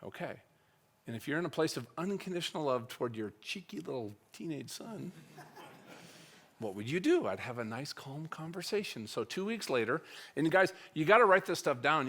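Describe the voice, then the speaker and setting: A man's voice: on the high side, a little fast. A middle-aged man speaking at a church, telling a personal story and acting out the conversations in it. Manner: animated, acts out dialogue with wide swings in loudness.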